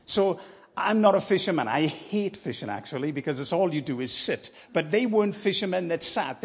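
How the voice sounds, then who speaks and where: A man's voice: sits high, breathy edge. A man preaching as a guest speaker in church, telling a story in a conversational, encouraging way. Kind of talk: sermon.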